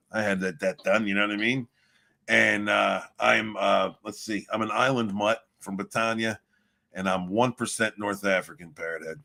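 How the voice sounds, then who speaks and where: A man hosting a livestream, reading viewer chat and ranting in a rambling, profane way with loud swings of emphasis. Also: on the low side, vocal fry. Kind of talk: casual rant and chat.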